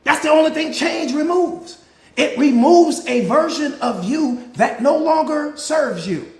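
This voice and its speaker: A man with a strikingly high voice speaks as a mindset coach in a live motivational talk, preaching and repeating himself. He fires off rhetorical questions, and the room around him rings with echo. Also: expressive, unhurried, creaky. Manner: greets viewers by name mid-talk.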